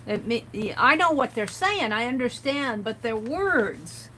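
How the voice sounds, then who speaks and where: A woman's voice: fairly high pitch, very animated, unhurried, bright, forceful tone, a little hiss or hum, low-quality recording. A woman hosting a casual art livestream, chatting and reading quotes aloud with amused comments. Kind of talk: casual craft livestream chat.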